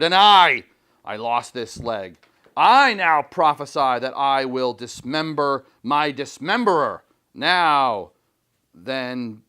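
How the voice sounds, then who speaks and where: A man reading aloud as a defiant, obsessed old sea captain in a classroom, slow and declamatory. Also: medium pitch, sharp tone, clear, resonant tone. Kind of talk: dramatic read-aloud in class.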